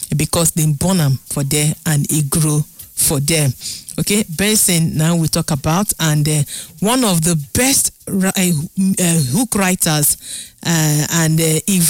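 A woman with a Nigerian accent hosting a casual radio show, chatty and animated, laughing often between her words. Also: fairly low pitch, dry recording. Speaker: radio host. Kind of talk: casual radio chat in Pidgin.

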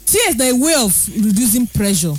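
A woman's voice: fairly high pitch, big pitch swings, fairly quick, faint music behind. A woman co-hosting a radio talk show, speaking Nigerian-accented Pidgin English in casual, teasing banter and laughing often. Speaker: radio co-host.

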